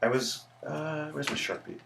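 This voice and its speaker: A man's voice: on the high side, steady tone, normal speed, vocal fry, fairly bright tone, slight background noise. A man, an architect who teaches, chatting casually with viewers on a livestream while he sketches. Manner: chatty, greets viewers, rambling asides.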